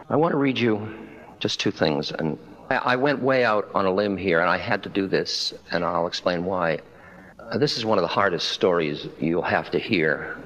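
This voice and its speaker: Older male spiritual teacher, deep voice, relaxed lecture storytelling. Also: normal speed, rough recording. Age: 60s. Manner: conversational, wry, quotes dialogue in stories. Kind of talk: public talk with storytelling. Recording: 1992 lecture recording.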